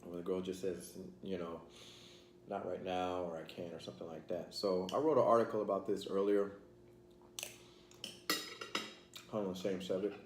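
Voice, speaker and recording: A man's voice: sits low, little pitch movement, normal speed, pauses often. A man hosting a casual vlog, rambling with many fillers while he eats his meal. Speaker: channel host. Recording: echoey room, faint background noise.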